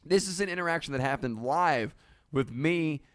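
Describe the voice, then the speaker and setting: A man's voice: a little high, lively intonation, normal speed, fairly bright tone, no room sound, studio quality. A man hosting a livestream as a live sound engineer, rambling and joking, swearing, and bursting into mock panic.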